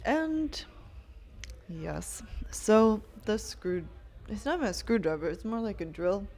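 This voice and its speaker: A woman's voice: medium pitch, animated, slow, darkish tone, slight background noise. A woman hosting her own podcast, talking in a rambling, chatty way and often restarting her sentences while munching snacks near the mic. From Canada. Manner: rambling, chatty, self-interrupting. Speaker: podcast host. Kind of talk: casual solo podcast monologue.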